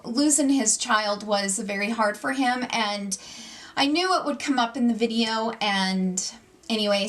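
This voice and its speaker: A woman in her forties talks straight to camera on her own channel, chatty and openly nervous. Her voice sits a little high. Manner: chatty, self-described loud, nervous. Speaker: YouTube channel host. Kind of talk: casual chat to camera.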